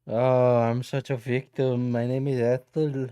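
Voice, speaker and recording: A man's voice: mid-range voice, level tone, measured pace, dark tone, clean tone, no echo, voice pushed up, natural voice. Ethel, a man playing a whiny self-pitying woman. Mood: mock whiny. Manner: mocking, melodramatic whining.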